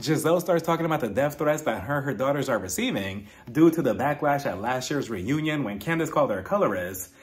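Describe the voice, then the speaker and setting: A man's voice: mid-range voice, animated, fairly quick, few pauses. A man giving a blunt, opinionated casual recap of a reality TV episode, talking straight to his viewers. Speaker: reality TV reviewer.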